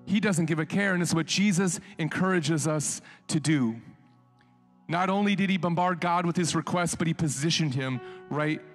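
High-voiced impassioned preacher man. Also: moderate pace, faint music behind. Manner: impassioned, swinging between hushed storytelling and loud exhortation; colloquial, conversational preaching. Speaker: pastor. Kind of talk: sermon.

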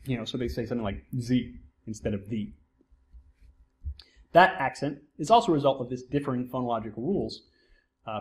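A man giving a recorded psychology lecture, explaining terms step by step and often posing a question and then answering it himself. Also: mid-range voice. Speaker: psychology instructor.

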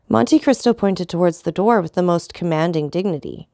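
Woman narrator for a classic novel, gravelly, dry close sound. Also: on the low side, moderate pace, hardly any pauses, warm tone, no room sound. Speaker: audiobook narrator. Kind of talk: scripted narration.

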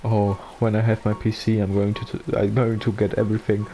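A man with a German accent giving casual gaming commentary in a flat monotone, joking to himself over a basic microphone. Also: lowish voice, a little fast. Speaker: gameplay commentator.

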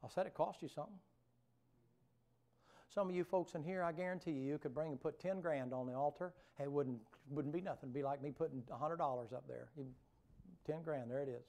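A man's voice: fairly high pitch, fast, darkish tone. A man preaching a revival sermon in a folksy, colloquial storytelling manner, talking directly to the congregation. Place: church sanctuary.

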